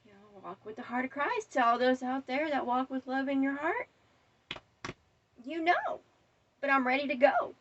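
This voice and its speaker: A woman's voice: high voice, expressive, normal speed, long pauses, far from the mic, highs cut off. A woman delivering a defiant, profane rant straight to camera. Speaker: vlogger. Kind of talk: angry monologue to camera.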